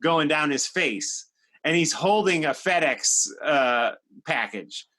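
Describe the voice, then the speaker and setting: 50s guy host rambling thru a story, bright sharp voice, lots of likes and restarts. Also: on the high side, lively intonation, slow. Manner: chatty, anecdotal, with frequent fillers and restarts. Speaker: talk show host. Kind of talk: animated storytelling. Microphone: live stream microphone.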